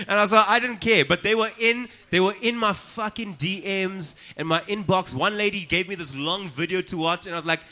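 A comedian chatting as a podcast guest, loose and profane in his storytelling. His voice is bright and forceful, sitting a little above the usual male range. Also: sits high, a little fast, hardly any pauses. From South Africa. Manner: profane, joking, animated storytelling. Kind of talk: casual chat.

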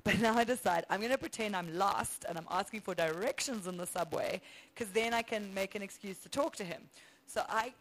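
A South African woman in her thirties, a comedian telling a story in a casual, animated way and laughing often. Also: medium pitch, fairly quick, low-quality recording. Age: 30s. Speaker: comedian guest. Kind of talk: storytelling chat.

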